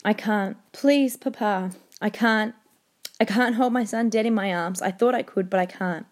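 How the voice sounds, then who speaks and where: A woman reading the lines of a dying father who gently urges his son on, while she reads a novel aloud to a class. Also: mid-range voice, normal speed, close to an everyday voice. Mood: tender. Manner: quiet, gentle and insistent.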